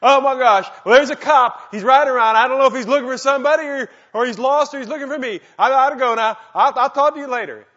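A man voicing his excitable, big and tall brother, shouting in a high squeaky voice with breathless repeated exclamations, on a dull lo-fi recording. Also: fast, hardly any pauses, exaggerated voice. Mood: panicked.

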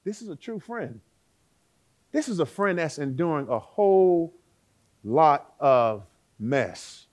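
A man with a medium-pitched voice gives a sermon full of dramatic swings, now exclaiming loudly, now dropping to a hush. He addresses rhetorical questions to those listening.

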